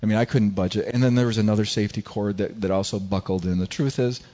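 A male pastor preaching a sermon, animated and telling a personal story with frequent stammered restarts. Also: on the low side, fast, muffled recording.

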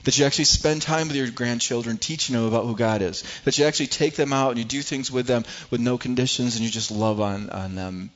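A man's voice: medium pitch, fast talker, few pauses, muffled recording. A middle-aged man preaching a sermon as pastor, earnest and prone to repeating words as he builds his points.

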